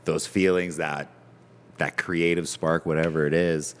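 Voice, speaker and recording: A man's voice: rumbling low, level tone, measured pace, big-room sound. A man hosting a podcast in a pub's back bar, easygoing and asking open questions in casual chat. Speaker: podcast host.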